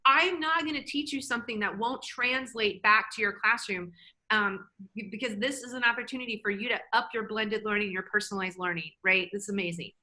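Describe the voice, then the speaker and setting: Bright, chatty woman presenter. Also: medium pitch, brisk, rough recording. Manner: energetic, chatty, self-interrupting. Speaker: workshop presenter. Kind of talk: live webinar presentation.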